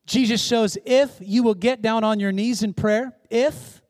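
A male pastor delivers a sermon in a notably high voice. He moves between hushed, intimate passages and loud, emphatic exclamations. The recording is dry and close, with little room sound. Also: fairly even intonation, unhurried, no echo. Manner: dynamic preaching, swinging from hushed to loud exclamations. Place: church in Seattle.

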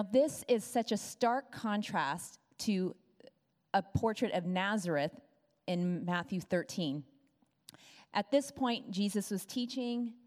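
A woman's voice: mid-range voice, a little mellow. A woman preaching a sermon, laying out points and teaching through scripture. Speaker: pastor. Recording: reverberant church hall.

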